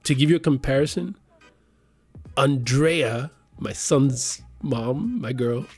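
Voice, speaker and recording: Guy in his 30s telling a crude story, husky voice, does all the voices, quiet music under it. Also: medium pitch, takes it slowly. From Miami area. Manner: profane, animated storyteller who acts out quotes. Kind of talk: casual storytelling chat.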